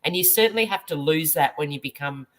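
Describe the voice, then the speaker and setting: Een Australische vrouw met een lage stem, ze leest reacties voor in een losse praatshow. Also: female voice, low voice, fast talker, rough recording. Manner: reads viewer comments aloud, laughs often. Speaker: medium and host. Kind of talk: casual chat.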